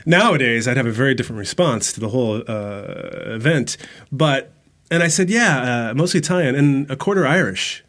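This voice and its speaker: Animated American man telling a story. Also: medium pitch, moderate pace. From United States. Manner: animated storyteller, acts out quotes, swears freely. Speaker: podcast co-host. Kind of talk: casual chat.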